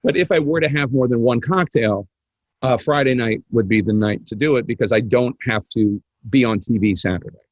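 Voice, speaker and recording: A man appearing as a podcast guest in casual chat, earnest and quick, filling pauses with "like" and restarts. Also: medium pitch, dry recording, lo-fi sound. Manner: quick, earnest, self-interrupting with fillers.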